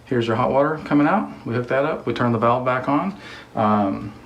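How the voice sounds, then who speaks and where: In the work area of a water heater installation, a man hosting a DIY video tells a rambling story with jokey asides and then casually explains the plumbing. His medium-pitched voice runs at normal speed with a little hiss or hum, captured by a distant mic in an echoey room.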